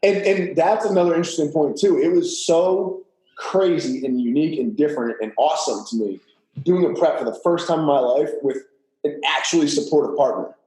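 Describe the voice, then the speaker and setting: A man's voice: a little high, brisk, mellow. Candid, swearing man in a roomy room. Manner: candid, profane, filler-heavy storytelling. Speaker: podcast guest. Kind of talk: casual chat. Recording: roomy echo.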